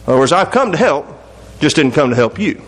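Preacher, male, high voice, homespun delivery that asks the listeners a lot of questions, booming church-hall echo. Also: sing-song, quick pace. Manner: folksy, conversational, many rhetorical questions. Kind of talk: sermon. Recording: long reverb of a large hall.

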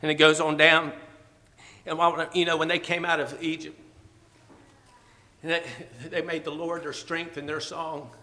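A man preaching a fervent, emotional sermon, at times teary and laughing softly. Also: on the high side, flat delivery, moderate pace, pauses often.

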